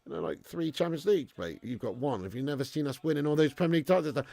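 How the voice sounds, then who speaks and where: A man's voice: fairly high pitch, sing-song, quick pace, creaky, no echo, studio quality. A man hosting a live football watch-along, chatting casually, bantering, swearing freely and reading out viewer messages. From England. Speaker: live stream host.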